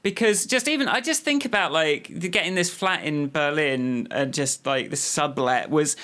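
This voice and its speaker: A man's voice: fairly high pitch, normal speed, sharp tone. Rambling English man co-hosting a podcast. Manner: thoughtful, rambling, frequent restarts. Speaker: podcast co-host. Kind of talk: casual political chat.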